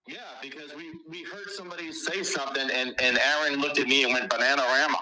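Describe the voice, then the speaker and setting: A man's voice: medium pitch, steady tone, a little fast, bright, forceful tone, rough recording. A man calling in to a podcast, laid-back and chuckling as he chats. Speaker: phone-in caller. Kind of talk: casual phone chat.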